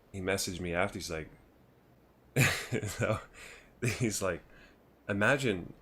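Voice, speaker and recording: Brief: low male streamer, 30s, loose chatty storyteller at a desk mic. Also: takes it slowly, bright, forceful tone, husky. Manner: rambling, laughing, with many restarts. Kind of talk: casual storytelling on a gaming livestream.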